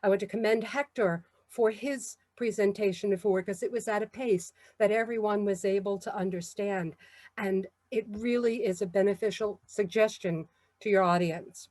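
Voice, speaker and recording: Woman, New York accent, measured encouraging lesson, mid pitch, dry recording. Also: steady tone, a little mellow, no room sound. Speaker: public speaking trainer. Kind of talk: instructional talk.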